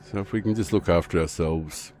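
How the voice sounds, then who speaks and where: A man's voice: deep voice, brisk. An older man with an Australian accent, chatting casually in an easygoing way while livestreaming a racing game. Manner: relaxed, easygoing. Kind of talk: casual chat.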